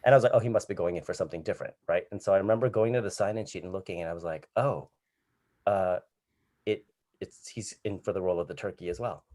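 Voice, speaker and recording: Animated man telling a funny story. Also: low voice, fast. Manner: animated, acts out voices and laughs mid-story. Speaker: comedian guest. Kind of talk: storytelling anecdote. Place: home video call.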